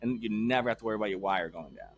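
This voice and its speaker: A man's voice: on the low side, lively intonation, rapid-fire, slightly rough. A man co-hosting a podcast in casual chat, laid back, with frequent ums and casual swearing.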